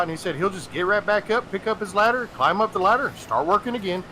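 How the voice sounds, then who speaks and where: A man telling a long story in casual chat, animated and swearing, acting out the people he quotes. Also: high-pitched, fast, slight background noise, rough recording.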